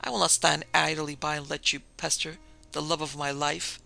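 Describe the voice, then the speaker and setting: Man doing eager dead guy in love, blurting, gravelly voice. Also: fairly high pitch, level tone, normal speed, sharp tone, faint music behind, heavily acted.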